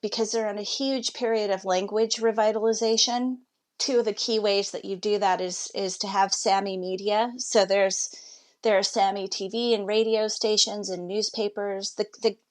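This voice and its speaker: A woman's voice: medium pitch, fairly even intonation, moderate pace. A woman, a guest on an interview podcast, telling her story in a chatty, reflective way. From United States.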